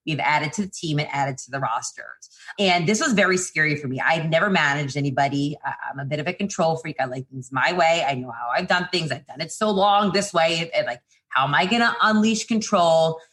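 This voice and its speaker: A middle-aged woman, founder of a PR agency, talking casually and quickly as a podcast guest, with many fillers and restarts. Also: low-pitched, fairly bright tone. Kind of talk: casual interview talk.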